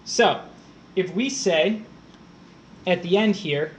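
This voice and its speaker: Guy with a pretty high voice tutoring test prep on stream, explains step by step and chats with viewers, bit of hiss. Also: slow pace. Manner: explains step by step while answering chat. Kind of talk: live-streamed grammar lesson.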